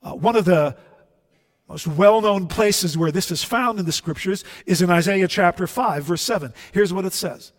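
Animated high-voiced male preacher. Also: normal speed. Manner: animated, acts out voices of biblical figures, repeats words. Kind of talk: sermon.

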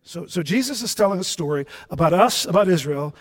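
Animated high-voiced male preacher. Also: fairly quick. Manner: animated, acts out voices of biblical figures, repeats words. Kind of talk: sermon.

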